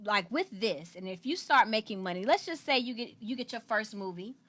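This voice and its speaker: A woman's voice: medium pitch, expressive, brisk, a bit bright, no room sound. A woman co-hosting a casual chat show, sassy and playful, laughing often. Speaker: podcast co-host.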